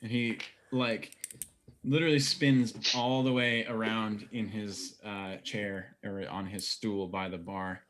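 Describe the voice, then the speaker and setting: Male dungeon master, lowish voice, relaxed narration, slows for NPC lines. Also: a little hiss or hum. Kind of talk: narrating a tabletop game.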